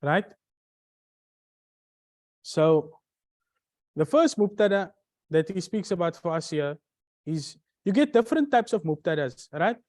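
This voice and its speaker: A teacher lecturing a class on grammar, with a medium-pitched voice that sits right in the middle of the range. They keep turning to the students with questions and restart their phrases as they go. Now and then they rattle off short Arabic verses quickly before slowing back down to explain. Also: lively intonation, darkish tone.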